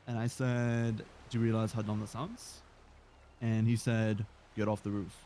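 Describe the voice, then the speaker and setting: A man in a game roleplay, hoarse today, telling a rambling, aggrieved story of events. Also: on the low side, little pitch movement, unhurried, dark tone, a little hiss or hum. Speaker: roleplay gamer.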